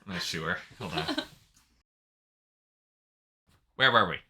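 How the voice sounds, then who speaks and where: A man's voice: low voice, expressive, brisk, bright, forceful tone, a little hiss or hum. A man co-hosting a podcast, reading online stories aloud and trading dry jokes in casual chat. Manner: dry joking banter. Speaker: podcast co-host.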